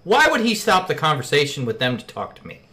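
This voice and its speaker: A man's voice: a little high, huge pitch swings, quick pace, sharp tone. A man in casual chat, blunt and heated, swearing often as he tells his side of a story.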